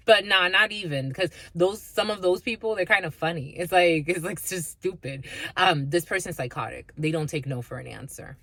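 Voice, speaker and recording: A woman's voice: fairly low pitch, normal speed, a bit bright, no room sound. A woman giving a tarot reading, blunt and mocking, swearing freely as she talks to her viewers. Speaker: tarot reader. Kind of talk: spiritual reading with profanity.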